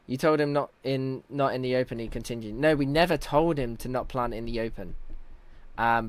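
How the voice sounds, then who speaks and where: A man's voice: medium pitch, fairly bright tone, no room sound. A young man, a team captain, giving chatty, analytical commentary over match footage and teasing himself now and then. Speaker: team captain and in-game leader.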